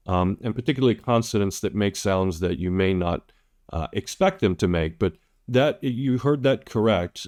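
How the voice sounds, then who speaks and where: A man's voice: lowish voice, a little mellow. A man teaching English pronunciation, saying practice sentences word by word with heavy emphasis and explaining between them with many fillers. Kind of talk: slow, deliberate pronunciation lesson.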